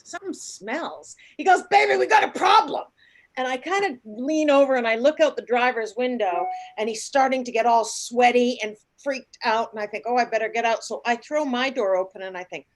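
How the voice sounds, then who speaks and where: Woman, late fifties, casual storytelling, animated, acts out voices, somewhat high pitch. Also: normal speed. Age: 50s. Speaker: guest.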